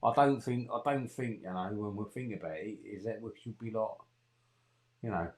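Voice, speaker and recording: A man's voice: fairly low pitch, moderate pace, darkish tone. A man with a Geordie accent co-hosting a comedy show, matey and blustery, who keeps repeating his phrases. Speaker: co-host. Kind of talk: comic banter.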